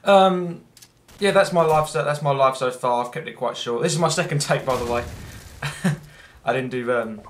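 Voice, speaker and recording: This is a young adult man from England giving commentary on his gameplay at normal speed in a medium-pitched voice. His English-accented chatter is casual, rambling, and self-deprecating.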